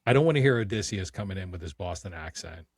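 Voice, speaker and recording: A man's voice: deep voice, expressive, quick pace, slightly rough, dry recording, clean studio sound. A man co-hosting a movie podcast, talking casually in an opinionated, joking, ranting way. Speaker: podcast co-host.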